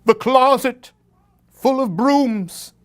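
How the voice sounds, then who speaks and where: A man voicing a mischievous but timid clacking skeleton in a children's Halloween story, with loud, eager exclamations. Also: very high-pitched, drawn-out words, clean tone, voice pushed up, exaggerated voice. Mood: scared.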